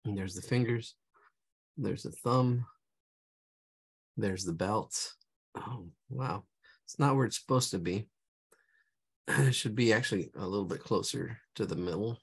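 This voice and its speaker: Drawing teacher, male, gravelly, slow, losing his voice, casual and chatty. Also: lowish voice. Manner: casual, hums and talks to himself while sketching. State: losing his voice, clearing his throat. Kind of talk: live online drawing class.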